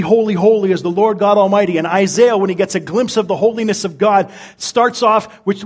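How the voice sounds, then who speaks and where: A middle-aged male pastor preaching a sermon in a relaxed, conversational way. His voice sits high for a man, and he often repeats a word two or three times before finishing the thought. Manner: conversational, repeats words when searching.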